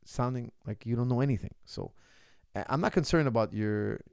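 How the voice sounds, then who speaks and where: A man's voice: medium pitch, fairly quick, creaky, darkish tone, clear, resonant tone, no room sound, clean studio sound. A martial arts coach holding forth in a casual Q&A, emphatic and lecturing, mimicking critics' questions to make his point. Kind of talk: casual Q&A monologue. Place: lives in Canada.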